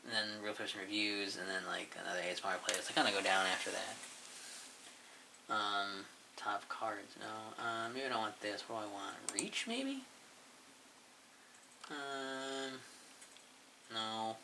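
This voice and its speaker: A man's voice: on the low side, unhurried, gravelly, pauses often, background noise. A man casually rambling through a look back at his own channel, mumbling and swearing offhandedly as he goes. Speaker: YouTuber reviewing his channel.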